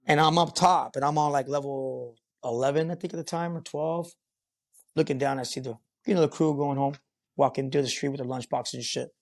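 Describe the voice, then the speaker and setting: A man's voice: mid-range voice, normal speed. Profane, rambling construction foreman. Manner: rambling, profane, filler-heavy. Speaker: podcast guest, concrete foreman. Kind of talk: casual storytelling interview.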